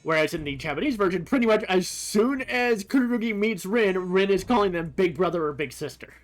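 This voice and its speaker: Halting, thoughtful game streamer. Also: medium pitch, animated. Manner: thoughtful, halting, with frequent "uh" while sorting thoughts. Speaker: streamer comparing game translations. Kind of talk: casual commentary over gameplay. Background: faint game music.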